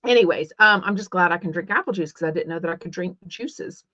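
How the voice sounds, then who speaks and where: She's a middle-aged Texan podcast host, speaking with a Texan accent on a loose, casual livestream, rambling on with lots of fillers and restarts. Her lowish voice is sharp and she talks fast. The audio is dull, lo-fi and dry, no room sound.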